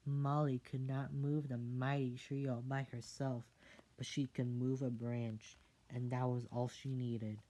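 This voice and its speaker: A reader reading a picture book aloud in a casual, soft style, adding whispered side comments. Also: mid-range voice, level tone, a little slow.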